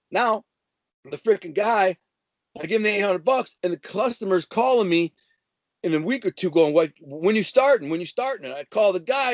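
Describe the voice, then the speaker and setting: A man's voice: on the high side, no room sound. A man telling a wild story in casual, brash, slangy talk. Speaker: guest telling prison-life stories.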